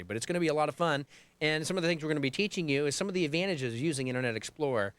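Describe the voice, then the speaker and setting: A slightly high-voiced man hosts a live call-in tech show. He talks excitably and playfully, and he often repeats himself as he pushes the conversation along. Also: fast, clear, resonant tone. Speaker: host.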